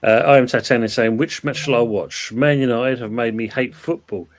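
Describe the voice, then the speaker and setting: A man's voice: mid-range voice, fairly even intonation, moderate pace. A man hosting a casual live-stream football chat, rambling along and reading out viewer comments. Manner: chatty, reads out viewer comments. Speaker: host.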